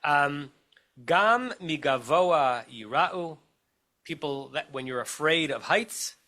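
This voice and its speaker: A man's voice: on the high side, animated, slow, bright, forceful tone. A man with an American accent, a rabbi teaching a text study class over a video call, explaining step by step and checking in with his listeners as he goes.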